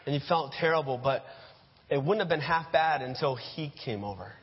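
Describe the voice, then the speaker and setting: A preacher delivers a sermon in a dull, echoey hall, his voice slightly high, lively, and breathy at a moderate pace. He tells stories in the second person, speaking to listeners as "you" and acting out the scenes.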